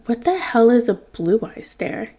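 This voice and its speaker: A woman's voice: a little high, big pitch swings, a little slow, dark tone, exaggerated voice. A woman voicing a prying teenage boy who questions his friend in a dry, insistent way. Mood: wry.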